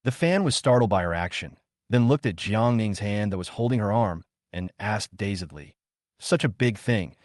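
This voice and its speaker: A man narrating a scripted drama story in a steady storytelling manner. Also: on the low side, normal speed, no echo, studio quality.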